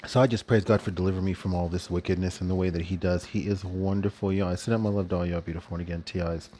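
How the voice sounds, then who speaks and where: A man with a fairly low voice speaks in a loose, rambling way, restarting his sentences. He chuckles often through a casual religious vlog monologue. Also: fairly even intonation, rapid-fire, dark tone, a little hiss or hum. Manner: chuckles often while talking. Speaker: vlogger.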